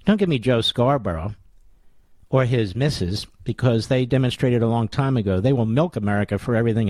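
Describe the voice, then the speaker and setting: A man hosting a talk radio show delivers a combative, sarcastic monologue packed with mocking rhetorical questions. His voice climbs high and loud in indignation, and there is no echo.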